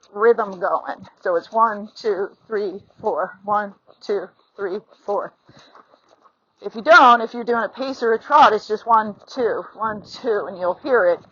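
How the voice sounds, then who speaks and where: A woman's voice: medium pitch, a bit bright, no room sound. Chatty woman teaching from horseback. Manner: chatty and encouraging, acts out horse and rider thoughts. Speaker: horse riding instructor. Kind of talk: instructional riding lesson, talking while riding. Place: outdoors on horseback. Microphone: phone mounted on the rider. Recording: slightly dull lo-fi sound.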